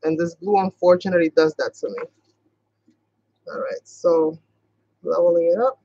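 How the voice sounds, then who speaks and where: A woman's voice: lowish voice, fairly even intonation, warm tone, dry recording, lo-fi sound. A woman from New York with a Boston-sounding accent, chatting casually and rambling as she hosts a craft tutorial livestream. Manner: chatty, rambling, talks fast at times. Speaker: craft channel host.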